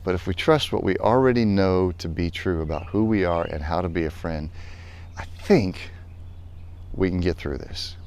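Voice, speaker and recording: A male pastor telling a personal story in a lively way, then turning earnest and reflective as he draws a lesson. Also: deep voice, normal speed. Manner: animated storytelling, later calm and earnest. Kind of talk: storytelling devotional talk.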